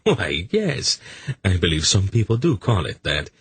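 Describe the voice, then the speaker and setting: A man's voice: low voice, huge pitch swings, measured pace, fairly bright tone, slightly rough, no room sound, voice pushed up, exaggerated voice. A man voicing a sly, teasing male thief with dry wit in an audiobook.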